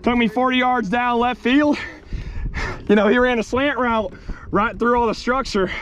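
A young man hosting a fishing vlog outdoors, joking and excitable, shouting when a fish is on. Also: very high-pitched, moderate pace. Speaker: fishing video host. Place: outdoors on the water.

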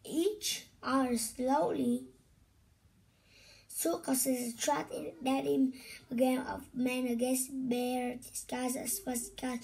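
A woman reading a children's storybook aloud, slowly and haltingly, with restarts. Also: sits high, steady tone, a little mellow, poor audio. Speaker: reader.

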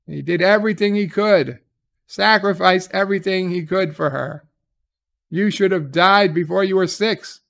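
A man's voice: high-pitched, normal speed, vocal fry, fairly bright tone. A man recapping a TV episode in a casual, sarcastic way, swearing freely as he paraphrases the scenes. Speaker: TV episode reviewer.

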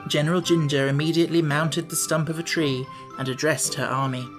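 A man narrating a classic children's story in a measured, even storytelling manner. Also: fairly high pitch, music in the background. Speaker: audiobook narrator.

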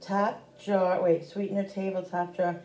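Casting note: middle-aged woman, chatty cooking vlogger, mellow tone, roomy kitchen sound with faint background hum. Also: medium pitch, level tone, a little slow. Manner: chatty, talks straight to viewers. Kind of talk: casual cooking chat. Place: home kitchen.

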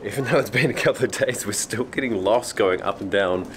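Young New Zealand male vlogger, slightly low voice, camera-mic sound with heavy background noise. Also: a little fast. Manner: chatty, describing food as he films. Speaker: travel vlogger. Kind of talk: on-location vlog commentary. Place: aboard a large cruise ship, indoors and on deck. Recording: loud ambient ship noise.

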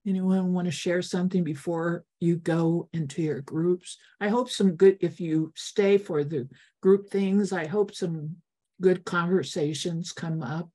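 A woman's voice: on the low side, fairly even intonation, a little slow, mellow. An older woman giving a heartfelt, encouraging talk to an online meditation group over a video call, earnest and repeating herself for emphasis. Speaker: guest speaker.

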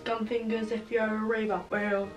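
A woman's voice: a little high, flat delivery, moderate pace, far from the mic, dull audio, soft background music. Giggly young British woman, a bit off-mic. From England. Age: young adult. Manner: chatty and giggly, bursts into little sung bits. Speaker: fashion vlogger. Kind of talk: casual try-on haul vlog.

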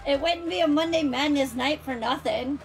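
The speaker is a woman with a high-pitched voice and a moderate pace, chatting in a bubbly, chatty way with friends and viewers during a racing-game stream. She laughs frequently, and music plays in the background.

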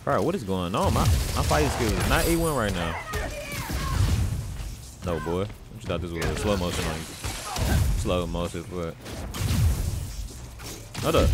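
A man giving loud, excitable commentary while playing a video game, trash-talking the characters on screen. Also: deep voice, measured pace, long pauses, loud music behind the voice. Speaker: gameplay commentator. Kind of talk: casual let's-play commentary.

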